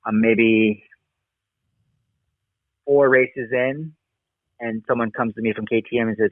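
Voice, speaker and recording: A former motocross racer tells his career story in a relaxed, rambling way, often saying "dude" and "like." His voice is lowish and slow, with long pauses. The recording is dry and tinny, like a phone line.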